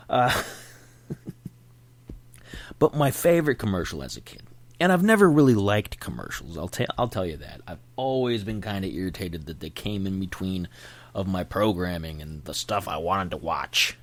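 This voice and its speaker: Low-voiced man rambling casually. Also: sing-song, normal speed, long pauses, no room sound. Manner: rambling, chatty, self-interrupting. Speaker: podcast host. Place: indoors at home.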